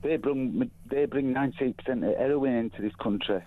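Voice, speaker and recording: Halting male caller on a tinny phone line. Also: medium pitch. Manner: halting, full of fillers. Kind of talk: radio phone-in call. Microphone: telephone.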